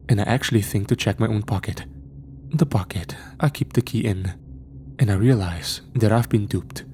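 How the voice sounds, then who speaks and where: A man narrating a first-person horror story in a tense, measured way. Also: on the low side, mellow, slight background noise.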